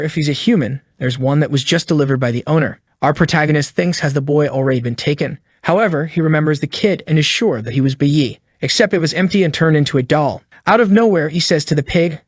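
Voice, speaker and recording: A man narrating a comic story recap in a brisk, plain storytelling manner. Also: on the high side, no room sound, clean studio sound.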